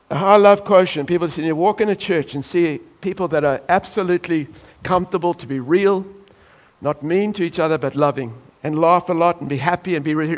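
A man from South Africa preaching a sermon emphatically, now and then acting out voices from the congregation. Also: high-pitched. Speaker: pastor.

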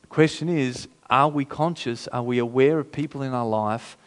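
A man's voice: mid-range voice, moderate pace. Aussie pastor guy preaching, chatty but emphatic, keeps repeating lines for effect. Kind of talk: sermon.

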